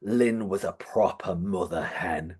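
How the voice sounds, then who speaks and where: A man's voice: low voice, takes it slowly, darkish tone, husky. A man co-hosting a podcast, telling stories with enthusiasm and frequent laughter. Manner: enthusiastic storytelling, often laughing. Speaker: podcast co-host. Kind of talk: casual chat.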